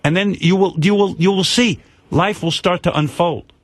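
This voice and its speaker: A man's voice: sits high, normal speed, no room sound. An older man hosting a radio call-in show, giving blunt, lecturing advice into a studio mic.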